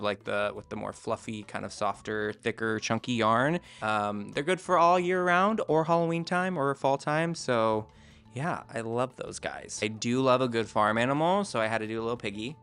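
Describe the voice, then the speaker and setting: A man's voice: on the low side, brisk, creaky, a bit bright, clean tone. A man casually presenting his handmade crochet plushies in a rambling, laid-back, self-deprecating way, recorded indoors at home. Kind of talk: casual vlog show-and-tell.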